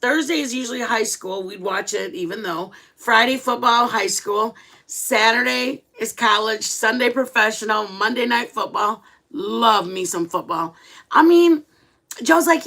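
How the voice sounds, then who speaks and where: A woman's voice: fairly high pitch, unhurried, creaky. A middle-aged woman hosting a livestream, chatting casually with viewers and telling stories dramatically. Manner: animated, chatty, dramatic storytelling. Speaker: livestream host.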